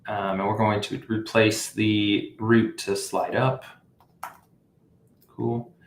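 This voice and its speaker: This man's voice is on the low side, level and slow, captured in an echoey room. He hosts a live app-building stream as a casual coding walkthrough. As he works, he thinks aloud, using fillers and correcting himself.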